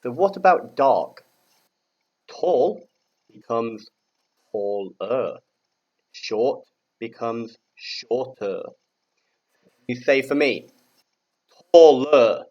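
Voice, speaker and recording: A man from the UK teaching a grammar lesson to young learners, speaking slowly and repeating words for them to echo. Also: mid-range voice, a little mellow, dull audio. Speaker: English teacher.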